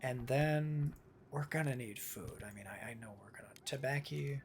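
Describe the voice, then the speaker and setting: A man's voice: medium pitch, normal speed, a little hiss or hum. A man streaming a video game, chatting casually, thinking aloud and swearing freely as he plays. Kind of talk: casual gameplay commentary. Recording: game music playing behind.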